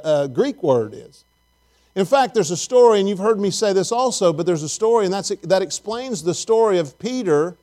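A man with a high-pitched voice preaches to his congregation in a loose, conversational way. He keeps turning to the people with questions and a quick "amen?", folksy and down to earth. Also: a little mellow. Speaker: pastor. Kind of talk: conversational sermon.

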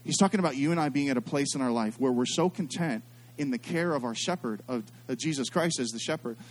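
A middle-aged man preaching a sermon as a pastor, telling stories and swinging between quiet, hushed passages and loud, excited ones. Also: mid-range voice, fast talker.

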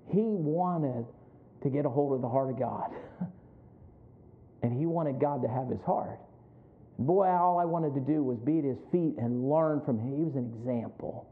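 A male pastor delivering a sermon in a high voice. He moves from reflective storytelling to fervent appeals and repeats key lines for emphasis. The sound is thin and narrow, as if over a phone line.

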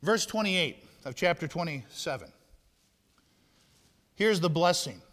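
A man preaching a sermon, retelling a Bible story with lively shifts between loud narration and hushed asides. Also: fairly high pitch, unhurried, pauses often. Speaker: pastor. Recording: long hall reverb.

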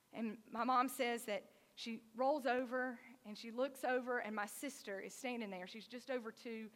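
A woman's voice: a little high, moderate pace, hardly any pauses. Woman preacher with a long hall echo. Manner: animated storytelling with frequent "like". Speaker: pastor. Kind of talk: sermon.

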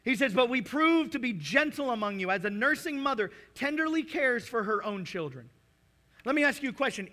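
A man in his forties preaching a sermon, animated, with humor and acted-out asides. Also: high-pitched. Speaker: pastor.

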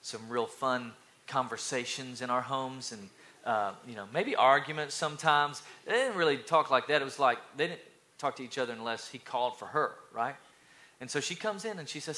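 A male pastor preaching an energetic sermon, calling out to the congregation and building to loud, fired-up passages. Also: mid-range voice, moderate pace.

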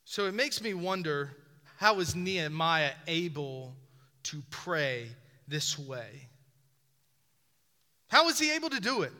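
This pastor's sermon is slow and very animated, broken by long pauses. His voice is strikingly bright and high, pushing each point through repeated phrases and climbing emphasis, while a long reverberant tail trails his words across the hall.

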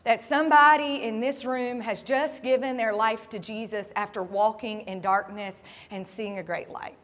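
A woman's voice: a little high, steady tone, normal speed, fairly bright tone, in a large hall. A woman pastor preaching a sermon in a church, asking her listeners direct questions and building to impassioned cries. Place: church sanctuary.

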